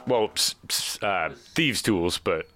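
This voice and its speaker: Bright-voiced man running a tabletop game. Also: low voice, animated, slow pace. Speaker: game master.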